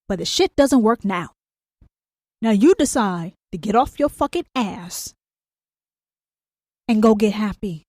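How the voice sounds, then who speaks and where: A woman's voice: medium pitch, expressive, a little slow, pauses often, darkish tone, no echo, clean studio sound. A woman hosting a podcast, delivering a blunt, confrontational monologue full of rhetorical questions and swearing. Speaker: podcast host. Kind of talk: profane motivational monologue.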